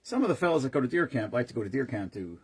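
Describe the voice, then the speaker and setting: A man's voice: medium pitch, very animated, racing, heavy background noise. A man casually chatting on a live stream, rambling between stories and greeting viewers by name as he mixes drinks.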